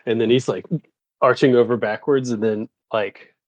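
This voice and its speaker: A man playing a tabletop game, joking in a relaxed way. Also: mid-range voice, normal speed, dry recording. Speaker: player. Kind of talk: casual tabletop play. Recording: dry, dull mic sound.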